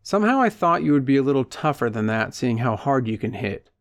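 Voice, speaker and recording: A man as a calm, cold hired punisher. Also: mid-range voice, no echo, studio quality. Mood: cold menacing. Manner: calm, firm, measured.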